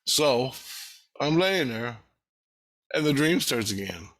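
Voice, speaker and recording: A man's voice: medium pitch, animated, slow, fairly bright tone. A man telling a rambling, repetitive personal story, with frequent swearing.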